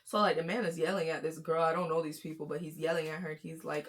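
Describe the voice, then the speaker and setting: A woman's voice: sits low, little pitch movement, racing, few pauses. A young woman from Florida giving casual, chatty reaction commentary on short videos, with lots of fillers. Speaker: commentary YouTuber.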